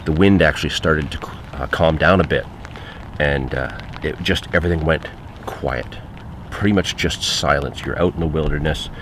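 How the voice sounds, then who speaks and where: Deep-voiced man telling a fishing story. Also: moderate pace, a bit bright, a little hiss or hum. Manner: conversational, frequent fillers. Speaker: angler recounting a trip. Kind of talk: casual spoken anecdote.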